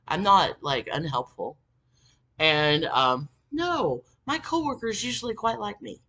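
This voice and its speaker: Female vlogger, low and husky, rambling and foul-mouthed, lively pitch when riled. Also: measured pace. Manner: profane, rambling, animated when worked up. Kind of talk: casual storytelling.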